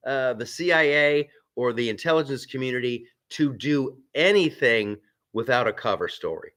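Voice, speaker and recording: A man's voice: medium pitch, lively intonation, moderate pace, pushed and bright. Rambling male live stream host. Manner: rambling and conversational, with frequent restarts and asides. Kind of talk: casual live stream chat reading viewer comments. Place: on a film set.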